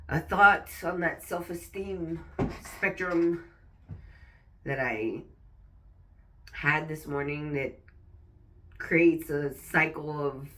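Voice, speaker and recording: Recorded from a distance, this woman's low, slightly bright voice carries a raw vent session in her personal vlog. She swears frequently, fights back tears, and restarts sentences midway.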